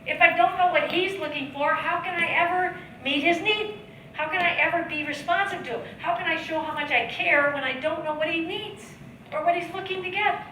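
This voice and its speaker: A woman giving a motivational sales training talk at a seminar, coaching the audience with rhetorical questions and acted-out sales pitches. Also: brisk, sharp tone. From United States. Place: seminar room, heard from a distance. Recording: echoey room, distant mic, faint background noise.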